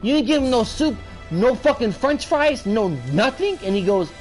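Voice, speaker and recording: A man's voice: very high-pitched, animated, moderate pace, a little mellow, soft background music, poor audio. A man streaming a game who tells a long, profane story in casual slang, repeating himself and getting worked up as he goes. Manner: repeats himself and builds up heat. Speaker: gaming streamer. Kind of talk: casual storytelling while playing.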